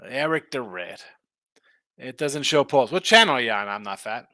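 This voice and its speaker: A man's voice: mid-range voice, lively intonation, moderate pace, bright, forceful tone, no echo. A man hosting a sports betting live stream, rambling and thinking aloud in casual chat. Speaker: sports betting show host.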